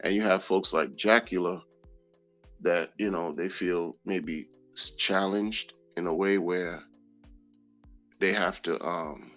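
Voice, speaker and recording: A man hosting a casual crypto livestream, talking in an animated, slangy way with lots of repeated phrases. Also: deep voice, takes it slowly. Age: adult. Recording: dull lo-fi audio with faint music.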